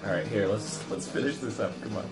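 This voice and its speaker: A man's voice: fairly low pitch, a little fast, reverberant, soft background music. A man playing a video game with his son, chatting and teasing him with dry humor. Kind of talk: casual gameplay chat.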